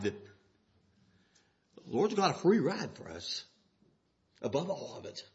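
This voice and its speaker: An older man preaching a sermon in a folksy way, dropping to soft asides and rising to shouts. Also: on the high side, sing-song, slow pace, long pauses, muffled recording.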